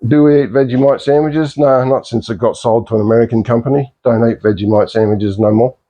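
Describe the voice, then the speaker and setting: A man's voice: medium pitch, fairly even intonation, a little fast, dark tone, dull audio. An Australian man talking to himself as he works in his home workshop, muttering, joking and swearing under his breath. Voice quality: talks to himself, mutters and swears, wry jokes. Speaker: hobbyist woodworker. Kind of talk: casual workshop commentary.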